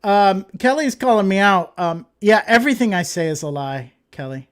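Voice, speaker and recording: A man's voice: sits high, lively intonation, normal speed. A man co-hosting a casual chat show, making dry jokes with a lot of hesitant fillers. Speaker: co-host.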